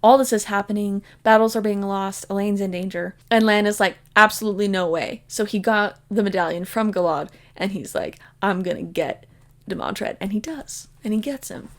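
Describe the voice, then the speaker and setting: Chatty woman book vlogger with a crackly, fry-heavy voice, retelling a plot casually. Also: mid-range voice, fairly even intonation, moderate pace, hardly any pauses. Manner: emotionally invested in the story. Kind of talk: casual spoken book summary.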